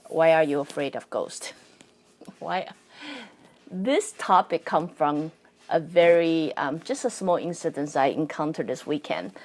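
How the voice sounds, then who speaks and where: A woman, a non-native English speaker, hosting a casual solo podcast as a psychic and spirit coach. She talks in a chatty way, laughs often and keeps asking "right?". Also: low-pitched. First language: not English.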